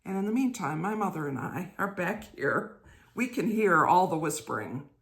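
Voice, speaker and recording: An older woman hosting her own show, telling a church memory in a gentle, chatty way and laughing as she goes. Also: fairly low pitch, lively intonation, moderate pace. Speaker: host. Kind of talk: casual storytelling monologue.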